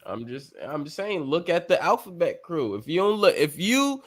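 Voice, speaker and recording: A man's voice: a little high, sing-song, normal speed. A man hosting a casual talk show, rambling and emphatic, cursing freely as he explains his views. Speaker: podcast host. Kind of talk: casual chat.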